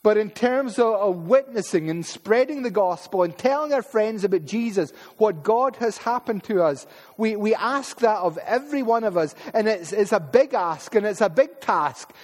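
High-voiced Scottish preacher in a reverberant hall. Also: male voice, lively intonation, normal speed, a little mellow. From Paisley, Scotland. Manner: emphatic, with frequent word repeats and asides. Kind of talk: sermon.

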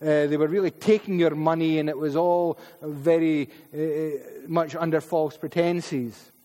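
A Scottish man preaching in church, his voice sitting high for a man. He is emphatic, often repeating words and slipping into asides. A long reverb trails off every phrase. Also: fairly even intonation, unhurried, dark tone. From Paisley, Scotland. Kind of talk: sermon.

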